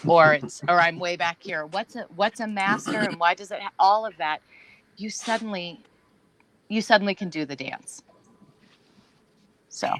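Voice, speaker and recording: A woman with a notably low voice speaks on a festival panel about acting. She talks with enthusiasm and often pauses or restarts to find the right words. Her delivery is conversational and unscripted. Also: fairly bright tone, rough recording. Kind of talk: panel discussion.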